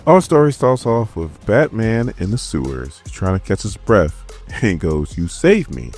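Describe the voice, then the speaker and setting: Deep-voiced laid-back comic recapper. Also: male voice, big pitch swings, measured pace, darkish tone, soft background music. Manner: laid-back, slangy storytelling. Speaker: comic book reviewer.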